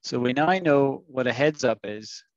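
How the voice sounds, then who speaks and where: A man leads an online English vocabulary class over a video call, patient and coaxing as he sounds out each word slowly for his students. His voice sits at an ordinary middle pitch. The sound is dry, with no room echo. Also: lo-fi sound. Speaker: English teacher.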